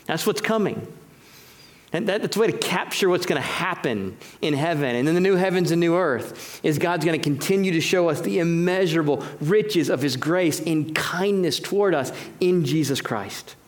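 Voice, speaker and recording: A man delivers a teaching sermon with a somewhat high voice. He is emphatic and conversational, drawing out key phrases slowly for stress. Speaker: preacher.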